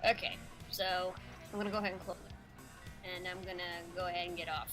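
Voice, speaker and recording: A woman's voice: lowish voice, level tone, fast talker, a bit bright, faint music behind. A tired woman chatting on a call with a game streamer, laid-back and giggly. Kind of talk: casual call chat.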